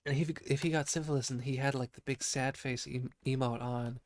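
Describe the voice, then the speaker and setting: Croaky sick man rambling, dry sound. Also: mid-range voice, steady tone, a little fast, no echo. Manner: rambling, profane, self-interrupting. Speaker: podcast host. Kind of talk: rambling casual monologue.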